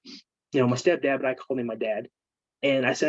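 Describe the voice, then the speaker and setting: A man speaks in a medium voice, earnest and halting as he shares emotional personal stories. The audio is dull and dry, like a remote call. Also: medium pitch, steady tone, breathy edge, no echo. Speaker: guest, military veteran. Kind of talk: casual storytelling interview.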